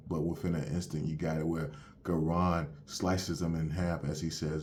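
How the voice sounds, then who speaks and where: Speaking at an extremely low pitch with little pitch movement, a young manga reviewer retells a chapter's plot step by step, loose and slangy, leaning on "you have it where." His tone is darkish, the pace normal, and a slight hiss or hum sits under the recording.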